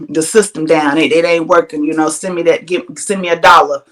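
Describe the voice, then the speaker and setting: A woman's voice: sits low, steady tone, brisk, voice pushed down, close to an everyday voice. A woman voicing a boastful young man on a dinner date, rambling and bragging with lots of filler.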